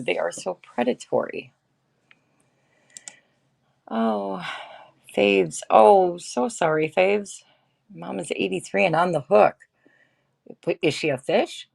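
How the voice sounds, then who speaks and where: A woman hosts a relaxed livestream, talking at an unhurried pace in a gravelly, low voice. She laughs readily and greets her chat by name, the easy manner of a regular host. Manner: chatty, laughs often, greets viewers by name.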